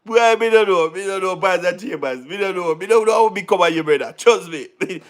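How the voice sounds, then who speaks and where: A man's voice: high voice, brisk. A man with a Jamaican accent giving casual commentary, mocking and laughing often as he repeats his phrases. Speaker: online political commentator.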